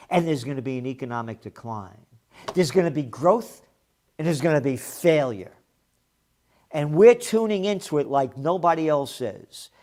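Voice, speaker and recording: A man hosts his own commentary show and tears into the day's headlines. His voice sits a little high, and his tone is blunt and mocking. He swears freely when he gets heated. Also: darkish tone. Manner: blunt, profane and sarcastic, with heated outbursts. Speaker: host of a trends commentary show. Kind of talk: opinionated news commentary.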